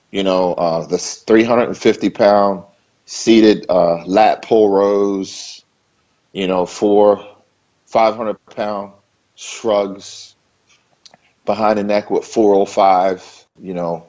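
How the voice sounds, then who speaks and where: A low-pitched man talks casually in an interview, stressing his points by repeating words. His manner is loose and emphatic. The recording is dull and lo-fi. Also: darkish tone. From Maryland. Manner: emphatic, repetitive, loose and conversational. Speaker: interview guest, bodybuilder.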